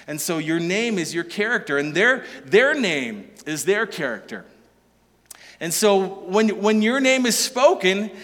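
Guy preaching, lively and jokey, lots of questions to the crowd, bright tense voice, big reverby hall. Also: high voice. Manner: animated, rhetorical questions, joking asides. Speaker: pastor. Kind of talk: sermon.

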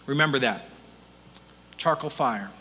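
A man preaching a sermon as pastor, telling a story in an animated way, acting out voices and laughing often. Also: medium pitch, measured pace, long reverb tail.

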